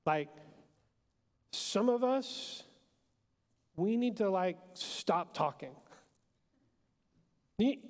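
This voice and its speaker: A man in his thirties, a pastor preaching a sermon in a relaxed, joking way, full of fillers. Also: sits high. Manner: casual and joking, with many fillers. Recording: long hall reverb.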